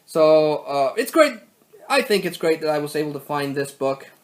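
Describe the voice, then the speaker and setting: A young Mexican collector vlogger shows off his collection in a casual show-and-tell. His fairly high voice is very animated at normal speed, rambling with many fillers and self-corrections.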